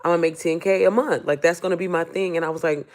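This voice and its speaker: Hoarse woman rambling heartfeltly to viewers. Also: lowish voice, steady tone, fast. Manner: rambling, heartfelt, addresses viewers as y'all and sis; emotional, close to tears. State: hoarse, losing her voice. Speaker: online business coach. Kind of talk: casual live-stream Q&A.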